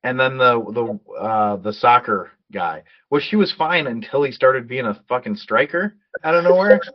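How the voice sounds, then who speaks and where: A man's voice: mid-range voice, animated, moderate pace. Man, podcast co-host, easygoing, hesitant, laughs a lot, lo-fi sound. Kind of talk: casual movie review chat.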